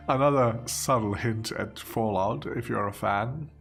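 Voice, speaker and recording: A man hosts a let's play, talking casually and with amusement while he plays. His voice is mid-pitched and relaxed in its rambling. Faint game music runs under his talk. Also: unhurried, creaky, hardly any pauses. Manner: chatty, amused, rambling with fillers. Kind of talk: casual gameplay commentary.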